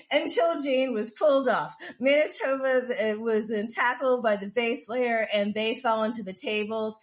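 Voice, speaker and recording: A woman's voice: a little high, normal speed, few pauses. A woman co-hosting a podcast, telling a story in casual chat with lots of swearing, restarts and "like". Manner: profane, rambling, with frequent restarts and "like". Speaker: podcast co-host.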